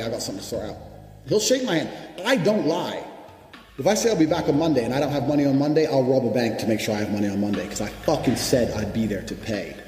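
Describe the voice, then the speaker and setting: A man's voice: mid-range voice, warm tone. A man giving a blunt, profane, emphatic motivational speech. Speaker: motivational speaker. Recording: echoey hall reverb with background music.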